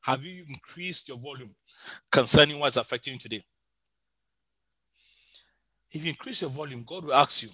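A man's voice: mid-range voice, lively intonation, a little fast, pauses often, bright, forceful tone, slightly rough, no echo, rough recording. A man preaching a sermon with emphasis, repeating his key phrases and rising into sung lines.

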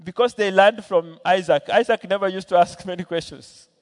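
A man's voice: sits high, moderate pace. A man preaching a sermon to a church, telling a Bible story and voicing its characters as he goes. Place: church hall. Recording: long hall reverb.

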